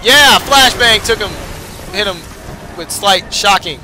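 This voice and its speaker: A man's voice: high voice, measured pace, bright, forceful tone, soft background music. A young man giving casual, frustrated gameplay commentary, swearing and cheering himself on. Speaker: gamer.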